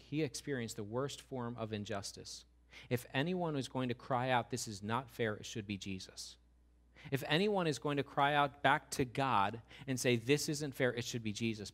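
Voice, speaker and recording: Emphatic male pastor preaching. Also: medium pitch. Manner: emphatic, rhetorical questions, repeats phrases. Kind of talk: sermon.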